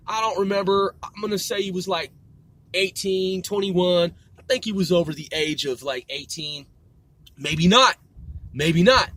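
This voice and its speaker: Recorded on a phone in a moving car, a man in his forties hosts a podcast while driving, rambling casually with plenty of cursing and corrections of himself. His voice is high, pushed and bright.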